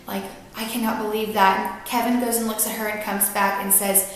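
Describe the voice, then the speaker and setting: A woman's voice: mid-range voice, level tone, moderate pace. A young woman vlogger telling a personal story to camera, earnest and emotional, rambling with fillers. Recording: very echoey room.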